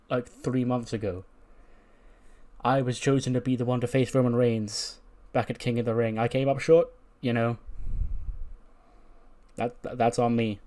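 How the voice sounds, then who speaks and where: An earnest male veteran wrestler who stammers as he pleads with a rival, as a man puts him on. His voice sits at an ordinary middle pitch. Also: dark tone, close to an everyday voice.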